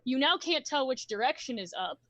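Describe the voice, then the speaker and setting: A woman running a tabletop role-play as game master. Her voice sits a little high. She explains outcomes in an easygoing, matter-of-fact way. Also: expressive, a little fast, a bit bright, no echo.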